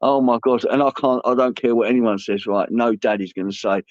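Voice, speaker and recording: A man's voice: mid-range voice, fairly even intonation, fairly quick, no room sound. Blunt man ranting on a livestream. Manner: blunt, slangy, laughs while ranting. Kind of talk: casual livestream panel chat. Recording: dull lo-fi stream audio.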